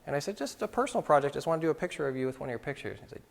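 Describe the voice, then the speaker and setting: Gravelly and darkish in tone, this medium-pitched voice races along very fast. It belongs to a middle-aged man telling stories to photography students in a lecture hall, imitating the people he quotes, with the hall's reverb lingering long.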